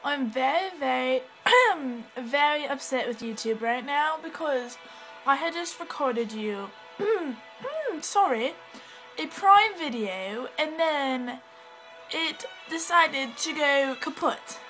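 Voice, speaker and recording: A woman vlogs in a put-on, mixed British accent, her voice high-pitched, expressive, pushed and bright, and slow in pace. She rambles in a giggly, scattered, dramatic way on a rough recording, with faint music in the background.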